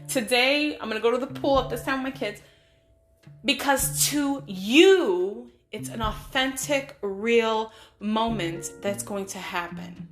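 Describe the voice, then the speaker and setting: A woman's voice: fairly high pitch, a bit bright. A middle-aged woman hosting a podcast, giving casual motivational talk in a direct, emphatic way straight to the listener. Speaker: podcast host.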